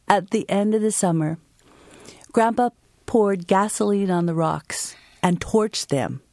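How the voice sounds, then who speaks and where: A woman from the US with a lowish, gravelly voice shares a vivid personal story during an interview, acting out quoted lines. Her pace is slow and expressive, and the clean studio audio carries no room sound.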